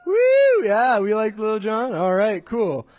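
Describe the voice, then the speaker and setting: A man's voice: high-pitched, unhurried, no room sound. A young man doing a stand-up set in a comedy club, awkward and giggly, with many ums. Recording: dull lo-fi live recording.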